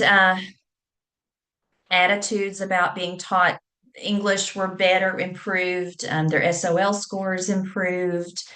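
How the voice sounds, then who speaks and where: A woman's voice: fairly low pitch, a bit bright. A woman, a scholar and teacher explaining at length, spelling words out letter by letter. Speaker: scholar and public speaking teacher. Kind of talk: academic talk.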